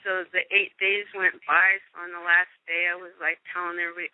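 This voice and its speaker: Woman guest, middle-aged, from Oregon: chatty, animated phone storyteller with a dry, phone-filtered sound. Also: lowish voice, fast, dry recording. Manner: animated storyteller who acts out quoted dialogue and laughs often. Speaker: actress interviewed as guest. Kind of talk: casual storytelling interview. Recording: dry, tinny phone line.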